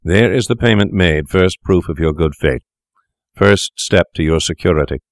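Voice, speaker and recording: A man voicing a calculating young doctor in a story, talking in a smooth, matter-of-fact, coaxing way. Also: low voice, normal speed, no room sound, clean studio sound. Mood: coolly insistent. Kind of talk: audiobook character voice.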